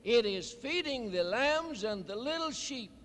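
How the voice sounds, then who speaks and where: A man preaching a sermon, telling stories in a deliberate, emphatic way. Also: extremely high pitch, animated, a bit bright. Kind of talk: sermon address. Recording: long hall reverb.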